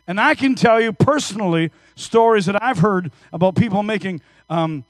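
High-voiced energetic male preacher. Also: moderate pace, no echo. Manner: energetic storytelling preacher, swings from hushed to loud. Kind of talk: sermon. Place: church service.

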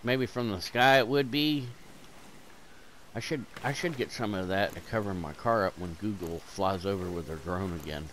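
Man, lowish voice, casual gameplay commentary, rambling, jokey, swears a lot, loud bursts then mutters, caffeine-wired. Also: moderate pace, a little hiss or hum.

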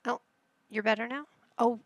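A woman's voice: a little high, steady tone, moderate pace, dry recording. A woman hosting a casual let's-play, chatting to the game characters as she plays. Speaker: gaming channel host.

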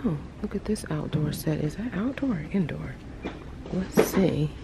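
In this casual shopping vlog, a woman with a low, creaky voice speaks at normal speed with lively intonation. She strolls through a large store, gushing over products and often lowering to half-whispers, while the store's noisy background carries on.

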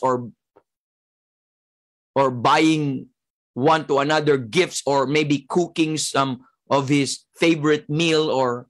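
A man's voice: on the high side, fairly bright tone. A man with a Filipino accent preaching a sermon as pastor, emphatic and repetitive, breaking up his points with "Amen.".

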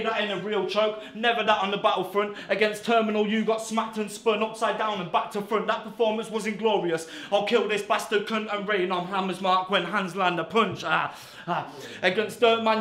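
A man's voice: high voice, steady tone, normal speed, few pauses, a bit bright. A man from England performing brash, insulting rap battle verses, swearing heavily. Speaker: battle rapper. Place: indoor battle venue. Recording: roomy echo.

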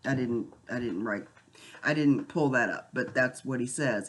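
A middle-aged woman giving a casual, excited Bible teaching, talking conversationally and reading scripture aloud. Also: extremely low pitch, moderate pace, a little hiss or hum.

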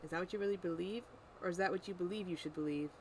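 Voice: mid-range voice, very fast, slight background noise, close to an everyday voice, poor audio. Nervous young mortal guy, stammery but pushy with questions, read by the narrator, homemade reading. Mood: probing. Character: nervous young mortal man, earnest and probing.

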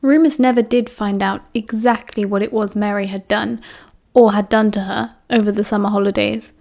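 A British woman narrating a novel audiobook in a steady, even reading voice. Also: mid-range voice, normal speed, vocal fry.

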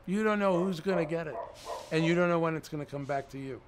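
A man's voice: a little high, quick pace, background noise. A middle-aged man, a guest in an interview, telling stories and acting out the dialogue he quotes. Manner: animated storyteller, acts out quoted dialogue. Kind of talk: storytelling in a conversational interview.

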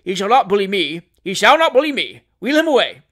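Brief: man reading as a choleric, imperious country captain, shouting high and loud in a storybook reading. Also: big pitch swings, brisk. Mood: indignant. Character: pompous choleric gentleman landowner captain.

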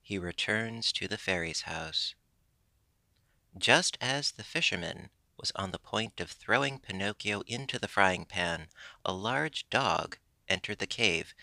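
A man narrates a classic storybook in a measured pace. His voice sits low with a gravelly texture and a bright, forward edge. The recording is close and dry. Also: no echo. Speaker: audiobook narrator. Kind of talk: scripted narration.

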